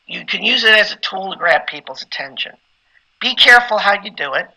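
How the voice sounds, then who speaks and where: A man's voice: sits high, animated, fairly quick, creaky, sharp tone, low-quality recording. A middle-aged man giving an informal lecture on preaching skills, conversational and at times emphatic like a preacher. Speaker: instructor teaching preaching skills.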